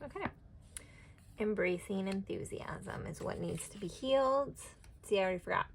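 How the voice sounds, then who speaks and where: A woman talks her way through an oracle card spread, rambling and thinking aloud. Her voice has a gravelly, creaky edge. The chat is loose and casual. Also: mid-range voice, animated, moderate pace, slight background noise. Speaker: tarot and oracle card reader. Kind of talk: casual card-reading vlog.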